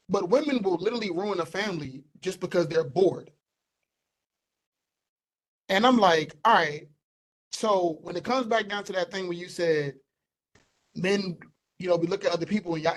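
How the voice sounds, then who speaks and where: A young man holds forth on a casual podcast, fairly high in pitch. He is animated and emphatic and circles back over the same words to drive a point home. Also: rough recording. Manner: animated, emphatic, repeats himself for stress. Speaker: podcast co-host. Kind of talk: casual opinionated chat.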